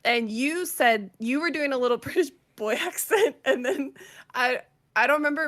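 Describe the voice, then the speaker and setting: A woman's voice: sits high, lively intonation, brisk, a bit bright. A woman co-hosting a podcast in casual chat, giggly and full of fillers. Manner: chatty, giggly, with many fillers. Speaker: podcast co-host.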